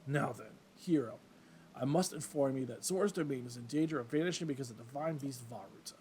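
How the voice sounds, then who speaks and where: A grand old fish-folk king speaks in formal, courtly phrases, as a man reads his part in a let's play. The voice sits at an ordinary middle pitch. A faint hiss runs underneath. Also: fast talker, darkish tone, lightly acted. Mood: regal.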